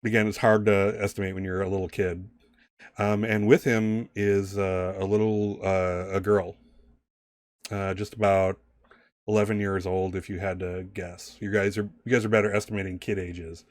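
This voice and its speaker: A man narrating a tabletop game as game master, in a rambling, halting way with many restarts. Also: low voice, flat delivery, no room sound, studio quality.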